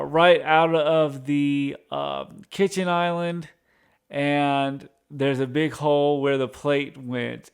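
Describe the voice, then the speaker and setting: A man's voice: medium pitch, smooth. A man casually recapping a sitcom episode, rambling with restarts and fillers. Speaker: show recap host.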